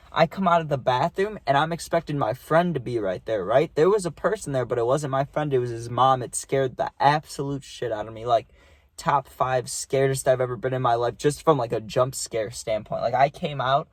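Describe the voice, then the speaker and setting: A man's voice: medium pitch, a little mellow, dry recording. Young man, casual storytelling vlog, rambling, profane, filler-heavy, dry close sound. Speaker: storytime vlogger.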